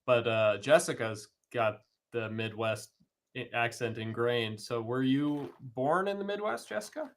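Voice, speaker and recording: A man from California, hosting a casual chat over a video call, earnest and a little halting. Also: mid-range voice. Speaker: filmmaker host.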